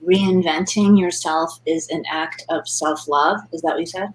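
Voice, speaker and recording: A woman's voice: sits low, steady tone, normal speed, poor audio. A woman hosting a webinar interview who reacts eagerly and sums up her guest's points. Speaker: host.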